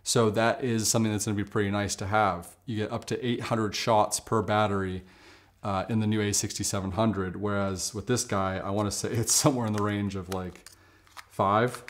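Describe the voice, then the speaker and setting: A man's voice: fairly low pitch, brisk. Laid-back man reviewing cameras. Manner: relaxed, conversational, full of fillers and asides. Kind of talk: casual camera review vlog.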